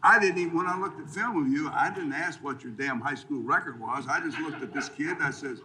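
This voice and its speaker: A man's voice: fairly high pitch, expressive, brisk, hardly any pauses, bright, forceful tone, rough recording. An older man, a retired football coach, talking bluntly and jokily in a folksy way and rambling through old dates. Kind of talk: casual interview chat.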